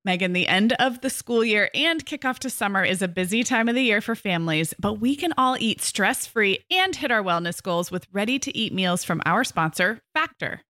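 A woman's voice: mid-range voice, lively intonation, normal speed, few pauses, bright, forceful tone, dry recording, studio quality. A woman co-hosting a parenting podcast, chatting casually in an upbeat way and reading sponsor spots. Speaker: podcast co-host. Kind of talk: casual podcast chat with read ads.

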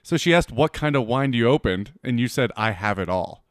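A man co-hosts a podcast in loose, casual chat. His pitch jumps around a lot, and his talk is blunt, teasing and full of swearing. The sound is dry and close. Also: lively intonation, normal speed, no echo. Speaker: podcast co-host.

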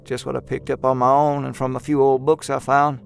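An actor playing a jittery, eager young male miner who talks in a folksy backwoods dialect with hushed urgency. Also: mid-range voice, flat delivery, fairly quick, creaky, a little hiss or hum, natural voice. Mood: curious. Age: young adult. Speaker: character in an audio drama. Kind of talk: audio drama acting.

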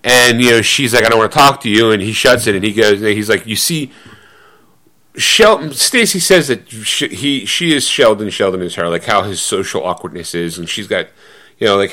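Co-hosting a podcast, a man with a lowish, pushed, bright voice chats casually. He rambles with plenty of fillers and keeps breaking into laughter.

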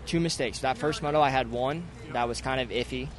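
A man's voice: medium pitch, a little fast. A man, a motocross racer, speaking frankly and critically of himself in a post-race interview outdoors at a race track. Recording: noisy outdoor track recording.

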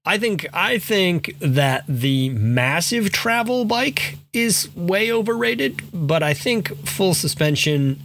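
A man's voice: high-pitched, animated, takes it slowly, hardly any pauses, a bit bright. A man co-hosting a podcast, easygoing and dry, arguing in a playful way. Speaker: podcast co-host. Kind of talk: casual podcast banter.

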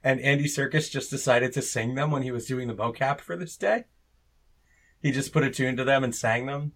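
A woman's voice: a bass voice, brisk. A woman co-hosting a casual chat about a film, playful and laughing often. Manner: playful, laughs often, mimics lines in a sing-song voice. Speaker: podcast co-host.

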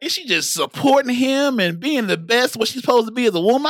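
Animated, bright-voiced young man host. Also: a little high, fairly quick, hardly any pauses, dry recording, studio quality. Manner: animated, profane, rising to excited shouts. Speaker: podcast co-host. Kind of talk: casual chat.

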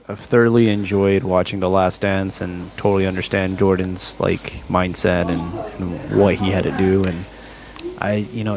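A young adult man with a slightly low voice chats casually on a podcast. He is easygoing and questioning, often saying "like" as he thinks aloud. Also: background noise. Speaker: podcast co-host. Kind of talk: casual chat.

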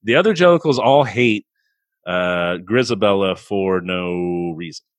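A man co-hosting a casual comedic film review, ranting with profanity and sudden high-pitched outbursts of exasperation. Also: lively intonation, a little slow, no room sound. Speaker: podcast co-host.

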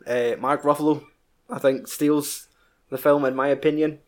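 A man with a Scottish accent chatting casually as a podcast co-host, telling a film's story in an animated, heavily sweary way. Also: fairly high pitch, moderate pace. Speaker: podcast co-host reviewing a film. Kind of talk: casual chat.

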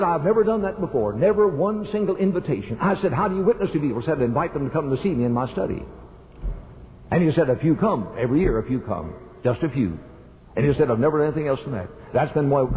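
A man's voice: mid-range voice, lively intonation, fast, slight background noise. An older man preaching a sermon, telling a personal story with emphatic rises in his voice. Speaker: pastor. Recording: tinny phone-like sound in a reverberant hall.

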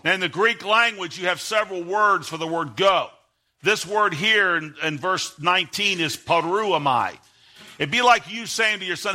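A middle-aged man preaching as a guest pastor, emphatic and building to sudden shouts, reading scripture in old King James wording. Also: high voice, normal speed. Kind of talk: Baptist sermon.

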